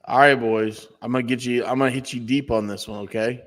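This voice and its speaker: A man's voice: medium pitch, fairly even intonation, fast, fairly bright tone. Man, podcast co-host, blunt, casual chat, long echoey reverb. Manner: blunt, swears freely.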